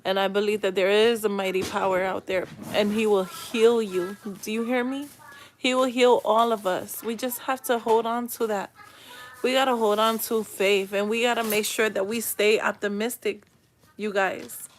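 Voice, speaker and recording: A woman's voice: mid-range voice, steady tone, moderate pace, a little hiss or hum. Emotional, earnest woman on a livestream. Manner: heartfelt, tearful, earnest encouragement; spiritual, pleading. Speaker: livestream host reading comments. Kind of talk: emotional live-stream talk.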